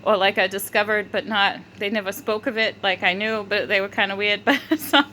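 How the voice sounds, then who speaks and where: A woman's voice: mid-range voice, level tone, fairly quick, bright, forceful tone, a little hiss or hum, low-quality recording. A woman vlogger telling a rambling story, full of fillers, restarts and frequent giggling. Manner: filler-heavy, restarts often. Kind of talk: casual rambling monologue.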